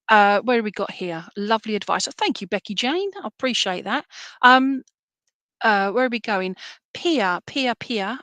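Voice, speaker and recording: A woman's voice: fairly high pitch, a bit bright, dry recording. A woman giving chatty, reassuring psychic readings on a live stream, full of fillers. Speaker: psychic reader.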